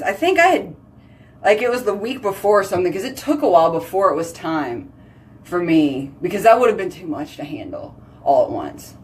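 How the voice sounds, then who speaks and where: Woman host, casual chat, filler-heavy, animated and talkative. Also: on the low side. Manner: chatty, heavy use of "like", animated exclamations.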